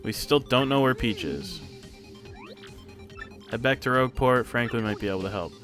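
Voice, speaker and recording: A man's voice: mid-range voice, lively intonation, moderate pace, fairly bright tone, soft background music. A man streaming a video game, chatting offhandedly about what to do next. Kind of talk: casual game commentary.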